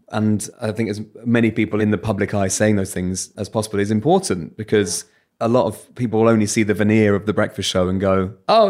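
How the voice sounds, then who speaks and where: A British radio presenter, appearing as a guest in a casual interview, speaks candidly and tells self-mocking stories. His voice is lowish and a little mellow.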